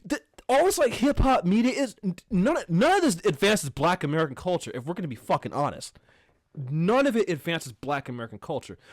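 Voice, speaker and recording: An angry man delivers a solo podcast rant, full of swearing and exasperation. His pitch leaps around with every outburst, and the sound is close and dry. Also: no room sound. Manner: heated, profane ranting. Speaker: podcast host.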